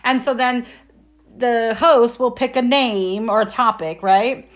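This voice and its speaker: A high-pitched middle-aged woman hosts a casual podcast with a friend. She tells stories in a lively, animated way and laughs often as she talks. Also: slow pace, highs cut off. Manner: animated storyteller, laughs a lot. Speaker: podcast co-host.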